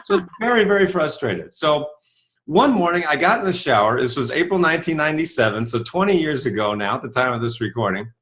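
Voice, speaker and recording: Animated storytelling man in his fifties. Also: fairly quick. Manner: animated, acts out quoted dialogue with rising pitch. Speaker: author and guest speaker. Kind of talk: storytelling interview talk.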